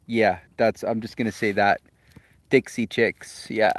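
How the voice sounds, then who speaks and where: This is a man's casual live-stream-style vlog, recorded outdoors beside a campfire at a remote cabin, where he chats easily with his dog and viewers. He speaks in a lowish, steady voice at a measured pace, and there's no echo.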